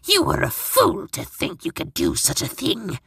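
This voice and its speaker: A man voicing a greedy little cave creature that gloats over stolen jewels, in a high croaking voice. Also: huge pitch swings, a little slow, bright, forceful tone, no room sound, heavily acted. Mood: gloating. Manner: gloating and taunting.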